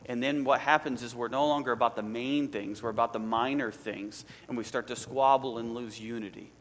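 A man preaching a sermon as pastor, animated and conversational, with asides to his listeners. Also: mid-range voice, fairly quick, long reverb tail, a little hiss or hum.

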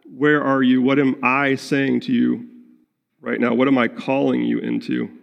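Male pastor, mid-pitched and gravelly, earnest sermon delivery, long church-hall reverb. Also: level tone, a little slow, muffled recording. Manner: earnest, acts out prayers and quotes in his own voice.

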